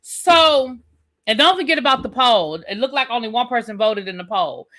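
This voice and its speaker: Woman host for a casual live recap show, bright and a bit high, loose and talkative with the chat. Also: expressive, moderate pace. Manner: chatty, repeats phrases for emphasis, talks to live chat. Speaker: TV review host.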